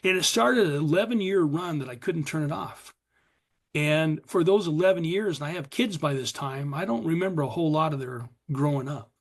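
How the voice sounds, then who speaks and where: A man's voice: on the high side, normal speed. A middle-aged American man telling his recovery story in earnest, confessional form at a meeting, acting out what his past self said. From USA. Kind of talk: personal testimony at a recovery meeting.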